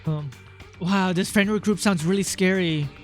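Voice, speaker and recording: A man's voice: high voice, unhurried, soft background music. A young man streaming a game in casual chat, rambling, swearing and reading game lines aloud.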